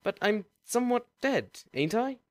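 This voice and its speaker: A man voicing a fussy, proper dead woman who has come back as a zombie, speaking in a high, hesitant voice. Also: sing-song, normal speed. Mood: eager.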